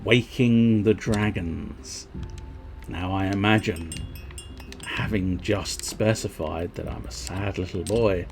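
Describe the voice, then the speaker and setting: A man's voice: sits low, steady tone, slow, slight background noise. A man streaming a game, rambling and mocking himself in casual chat. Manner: rambling, self-mocking, giggly.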